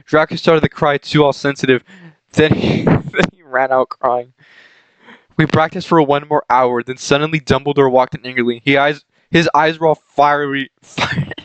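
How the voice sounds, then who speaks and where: A man's voice: medium pitch, fairly bright tone, smooth, no room sound, rough recording. A young man doing a comedic reading of a fanfic aloud, often laughing and breaking off to comment on the text. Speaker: reader of a fanfic.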